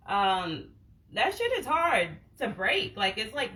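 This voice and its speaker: A woman's voice: a little high, very animated, slow pace, bright, forceful tone, slight background noise, low-quality recording. A woman from Boston hosting a casual livestream, answering viewer comments in a frank, slangy way with lots of "like" and the odd swear. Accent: Boston, without the stereotypical broad vowels. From Boston, USA. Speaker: wellness livestream host.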